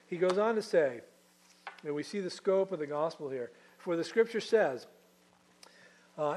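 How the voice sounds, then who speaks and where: Male pastor, somewhat high voice, chatty storytelling sermon. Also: darkish tone, rough recording. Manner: conversational storytelling, frequent restarts and asides.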